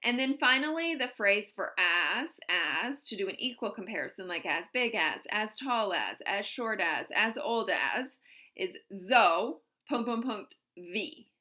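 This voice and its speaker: Slow, bright-voiced woman teaching grammar. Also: mid-range voice, expressive. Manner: patient, explains step by step with examples. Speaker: German teacher. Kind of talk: classroom grammar lesson.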